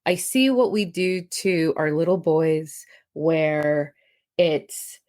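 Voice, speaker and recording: A woman co-hosting a podcast as a mental health professional, chatting casually and emphatically, teasing, and briskly reading a list of facts. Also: deep voice, a little mellow.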